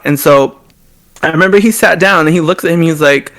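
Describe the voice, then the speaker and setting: Young guy telling a breakup story, kinda high voice, acts out all the lines. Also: fairly quick. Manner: animated, reenacts quoted dialogue with swings in pitch. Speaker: guest. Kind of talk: emotional storytelling.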